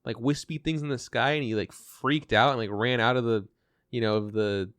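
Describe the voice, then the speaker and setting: A man co-hosting a podcast, chatting casually and retelling an anime with lively quoted bits and swearing. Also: mid-range voice, moderate pace, dry recording. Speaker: podcast co-host. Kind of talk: casual chat reviewing an anime.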